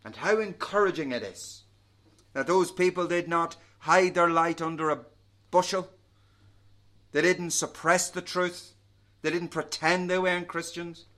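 Man, preacher, sermon, earnest, measured, emphatic swells and drops, fairly high voice. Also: fairly bright tone.

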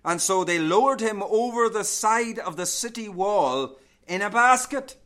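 A man's voice: high voice, lively intonation, a little slow, fairly bright tone. A male pastor preaching a sermon, building emphasis with repeated phrases and rhetorical questions.

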